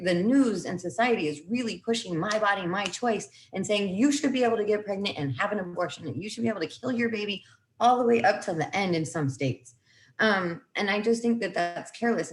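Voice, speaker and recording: A woman in casual conversation, rambling and self-interrupting as she talks through her views and quotes her own past reactions. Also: on the low side. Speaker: guest.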